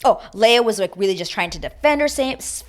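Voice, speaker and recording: A woman hosting a casual reality-TV recap, animated and opinionated, swearing freely. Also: mid-range voice, a little fast. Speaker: TV recap host.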